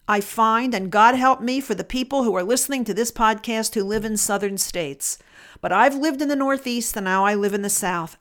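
Higher-voiced woman giving a pointed podcast monologue. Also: a bit bright. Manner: measured, pointed storytelling. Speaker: podcast host.

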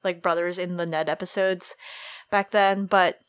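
A woman's voice: fairly low pitch, little pitch movement, normal speed, smooth. A woman co-hosting a casual book discussion, chatty, full of likes and casual swearing. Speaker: podcast co-host.

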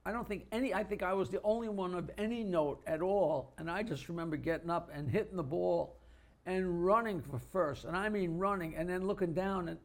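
A man's voice: high-pitched, fairly quick. An older man from Long Island, co-hosting a casual chat, rambling through stories and laughing partway through them. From Long Island, New York. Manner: rambling storyteller, laughs mid-story, restarts often. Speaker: co-host.

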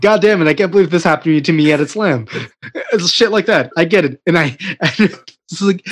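A man's voice: fairly high pitch, moderate pace. A man in a casual podcast chat about a film, blunt and profane, laughing as he talks. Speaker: podcast co-host.

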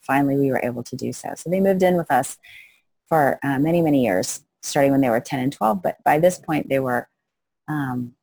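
A middle-aged woman appears as a missionary guest in a storytelling interview, animatedly recounting stories and acting out the voices of the people she quotes. Her voice is extremely low, brisk and creaky, with no echo.

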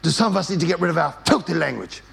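A male pastor delivers a lively sermon at a church service and tells stories with animation. His voice sits high and has a heavy, gravelly rasp. He often calls on the congregation to repeat phrases back to him. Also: racing. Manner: animated storytelling, leads call-and-response with congregation.

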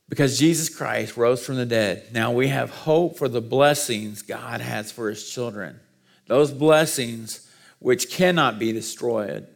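A man's voice: on the high side, vocal fry. A middle-aged man preaching a sermon, mixing scripture reading with earnest personal stories and self-deprecating humor. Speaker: pastor.

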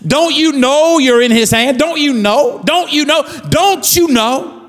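A man's voice: extremely high pitch, unhurried, in a large hall. A man preaching a fervent sermon as pastor, repeating phrases and building with rising calls to the congregation.

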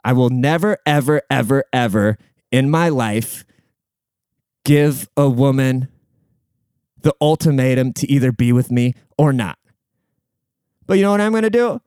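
A man's voice: medium pitch, animated, a little slow, long pauses, darkish tone, clean tone, dry recording, studio quality. A young man hosting a podcast, giving a crude, profane, rambling monologue in casual chat.

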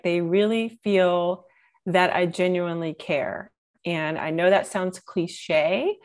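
A woman coach answering interview questions about her work in a measured, reflective way, with frequent restarts. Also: mid-range voice. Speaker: career coach guest.

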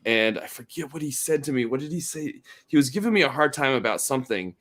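A man's voice: medium pitch, expressive, fast, a bit bright. A man hosting a casual podcast chat, telling a funny story with lots of laughter and restarts. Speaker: podcast host.

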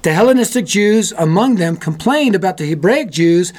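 A man hosting a youth ministry show, telling a story sermon in an animated, self-mocking way. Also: high-pitched, normal speed. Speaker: youth ministry leader and host.

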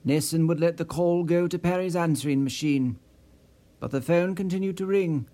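A man reading a story in steady, measured scripted narration. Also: fairly high pitch. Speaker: audiobook narrator.

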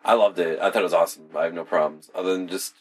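A man's voice: low voice, steady tone, racing, slight background noise. A young man co-hosting a podcast in casual, rambling, profane chat. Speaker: podcast co-host.

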